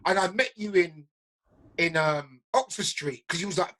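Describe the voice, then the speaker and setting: A middle-aged man with a bright, husky voice. He tells stories in a relaxed chat, slips into the voices of the people he quotes, and often repeats himself as he goes. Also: high voice, moderate pace, rough recording. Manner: lively storyteller, acts out quotes, repeats himself. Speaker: interviewer, DJ. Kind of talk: casual conversation.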